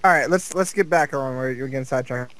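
A man's voice: mid-range voice, fast, fairly bright tone. A young man acting as game master over voice chat, casually describing rooms and calling turns, swearing now and then. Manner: casual, swearing, narrating room contents.

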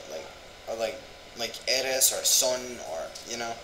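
A man's voice: mid-range voice, moderate pace, bright, forceful tone. A man chatting casually in a language-learning vlog, rambling and amused with himself as he sounds out words aloud. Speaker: vlogger. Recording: echoey room with faint ambient hum.

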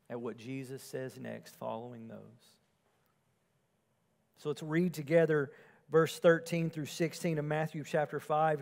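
A male pastor preaching an earnest sermon, moving between emphatic and quiet passages. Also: on the high side.

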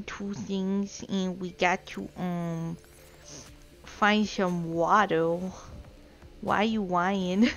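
A woman live-streaming a game, chatting playfully with her chat and breaking into loud, excited outbursts. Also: medium pitch, muffled recording.

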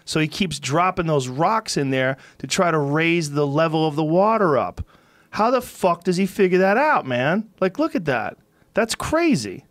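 A man in his fifties hosting a podcast, telling stories in casual chat, animated and profane. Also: a little high, moderate pace, dry recording. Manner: animated, profane, laughing storyteller. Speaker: podcast host.

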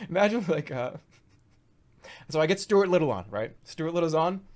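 A man in his thirties streaming, rambling through comic stories in an animated, swearing storytelling way. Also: fairly high pitch, normal speed, long pauses.

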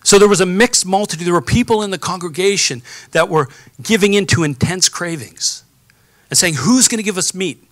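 A man's voice: sits high, a little fast, no room sound. A man preaching a conversational sermon, reading scripture and adding personal stories and rhetorical questions. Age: adult, has children. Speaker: pastor.

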